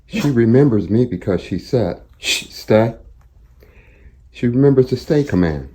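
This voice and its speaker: A man working as a dog trainer, explaining each step of a training session to the camera in a steady, instructive way. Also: mid-range voice, a little fast.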